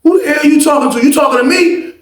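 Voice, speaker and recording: A man voicing an aggressive, loud older male prisoner who talks in a brash, profane, gruff way. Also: on the low side, steady tone, a little slow, voice pushed down. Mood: indignant. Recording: echoey room.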